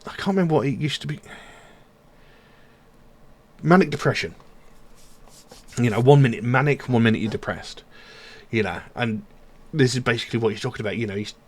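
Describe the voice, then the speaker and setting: On his music reaction channel, a man talks a bit quickly in a mid-range voice, pausing often as he earnestly rambles through song lyrics. His casual commentary is full of fillers.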